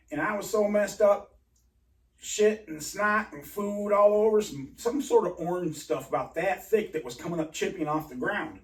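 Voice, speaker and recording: A man telling a rambling personal story in an agitated, halting way, full of restarts and swearing. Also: high voice. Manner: profane. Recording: roomy and distant from mic.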